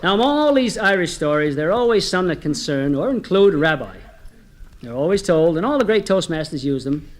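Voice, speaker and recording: A man's voice: a little high, very animated, a little fast. A man telling folksy jokes on a comedy record, chatty and homespun, speaking straight to his listeners. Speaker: comedy storyteller.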